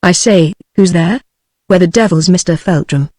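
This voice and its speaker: A British woman text-to-speech voice reading the part of a fierce, hot-tempered baronet in a flat, unchanged delivery. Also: fairly low pitch, normal speed, dry recording, studio quality, lightly acted. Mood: shouting. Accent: British English. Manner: plain synthetic reading, no change of voice.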